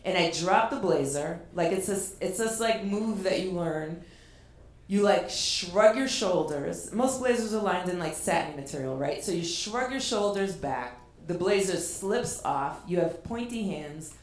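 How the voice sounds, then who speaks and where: Animated woman host telling a story. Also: fairly low pitch, a little slow. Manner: animated, self-mocking, many "like" fillers. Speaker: comedy show host. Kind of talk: storytelling comedy. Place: comedy venue stage. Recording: echoey live venue.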